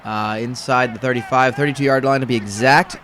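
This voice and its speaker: A man's voice: mid-range voice, fairly even intonation, a little fast, fairly bright tone, slight background noise. A man calling simulated football games for a stream, rambling and correcting himself as he goes, with dry humor and music playing behind. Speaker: play-by-play commentator. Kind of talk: simulated game commentary over a stream.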